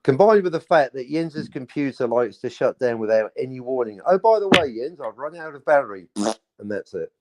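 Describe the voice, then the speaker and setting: A man banters playfully through a casual podcast chat, his pitch rising and falling all over. His voice sits in a middle range, and his delivery stays light and jokey. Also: expressive, normal speed, dry recording. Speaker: podcast co-host. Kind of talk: casual chat, joking monologue.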